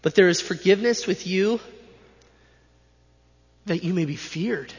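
A man's voice: high voice, measured pace. A male pastor delivering a sermon with an emphatic, repetitive preaching cadence. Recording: dull sound with long hall reverb.

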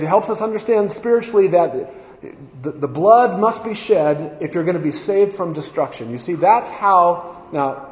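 Guy teaching bible class, kinda high voice, echoey hall sound, emphatic, repeats himself a lot. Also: darkish tone. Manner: emphatic, conversational, repeats words while thinking. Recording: echoey, dull room recording.

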